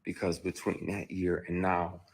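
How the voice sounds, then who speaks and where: A man, an actor, telling a personal story in a candid livestream monologue, emphatic and heated with sudden loud outbursts, speaking into a phone. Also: deep voice, little pitch movement, a little slow, vocal fry. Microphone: phone on a live stream.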